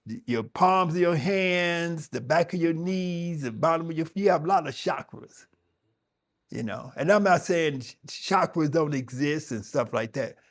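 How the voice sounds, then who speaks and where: A middle-aged yoga teacher addresses his audience in a conversational, emphatic way, frequently starting his sentences over. His voice leans high and has a slightly mellow quality.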